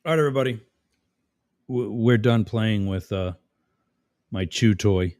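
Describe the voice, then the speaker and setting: A man's voice: on the low side, unhurried, darkish tone, dry recording, clean studio sound. A man hosting a live stream, reading chat comments aloud and mocking the commenters sarcastically. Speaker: livestream host.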